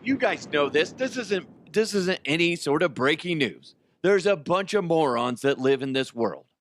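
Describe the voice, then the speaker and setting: A man hosting a casual comedy news podcast, crude and jokey, with quick put-on voices. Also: fairly high pitch, animated, a little hiss or hum. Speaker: podcast host.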